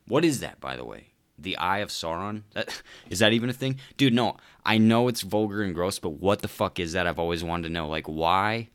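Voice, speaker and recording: A man's voice: sits low, a bit bright. A man ranting casually in a profane, rambling comedic style, calling everyone "dude.".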